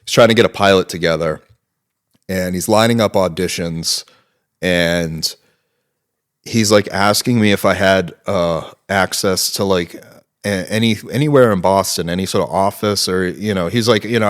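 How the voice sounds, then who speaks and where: A man in his thirties with a deep, low-set voice is a guest in a relaxed interview. At a moderate pace, he rambles through anecdotes full of fillers, his casual speech peppered with profanity.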